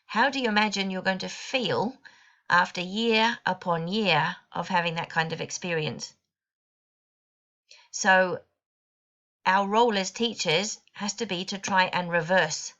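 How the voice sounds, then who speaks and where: A woman giving an online presentation to teachers, explaining clearly with a lightly wry touch. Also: lowish voice, sharp tone. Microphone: computer mic on video call.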